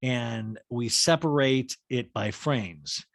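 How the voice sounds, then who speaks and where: A man's voice: medium pitch, slow pace, creaky, no echo. A man hosting a podcast recap, chatting casually and wryly while speaking directly to his listeners. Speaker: podcast host.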